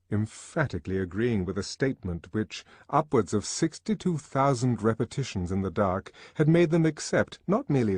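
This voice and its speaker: Husky man reading aloud expressively. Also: fairly low pitch, no echo, clean studio sound. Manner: expressive, varied delivery. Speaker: audiobook reader. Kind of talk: expressive audiobook narration.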